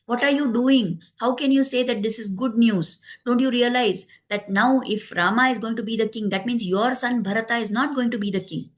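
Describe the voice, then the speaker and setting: A woman's voice: fairly high pitch, brisk, hardly any pauses, close to an everyday voice. A woman voicing a scheming old nursemaid who scolds her queen with urgent questions while retelling an epic. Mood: scornful.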